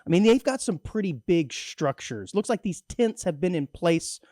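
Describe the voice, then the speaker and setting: A man's voice: sits high, big pitch swings, normal speed, warm tone, no room sound, studio quality. A man co-hosting a community radio show in casual comedic chat, joking and laughing often. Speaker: radio co-host. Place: radio studio.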